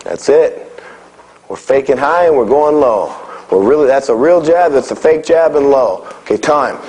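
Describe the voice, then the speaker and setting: A middle-aged man leads a martial arts class live, calling out drills and often checking in with "okay?" in a coaching manner. His voice sits in the mid range, a little mellow, with lively intonation and a moderate pace. The audio quality is poor.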